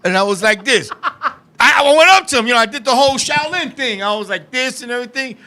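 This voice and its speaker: High, bright-voiced man telling stories. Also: fast talker. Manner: animated, profane, bursts into shouting. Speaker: guest, independent wrestler. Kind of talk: casual podcast storytelling.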